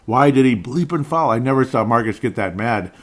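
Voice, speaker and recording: A man's voice: mid-range voice, animated, a little fast. A man hosting a solo sports podcast, ranting in exasperation about a basketball game, sarcastic and laughing at himself now and then.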